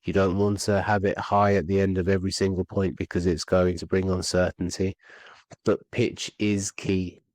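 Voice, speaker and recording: Male speaking coach, earnest, repeats key points, lowish voice. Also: level tone, moderate pace, darkish tone, no room sound, poor audio. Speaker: communication skills coach. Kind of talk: instructional podcast talk.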